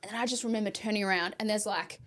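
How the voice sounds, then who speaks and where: A woman's voice: medium pitch, very fast. A young woman hosting a podcast, telling a story animatedly, swearing freely and acting out the voices in it. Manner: animated, swearing, acts out voices in her stories. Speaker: podcast host. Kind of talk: casual storytelling chat.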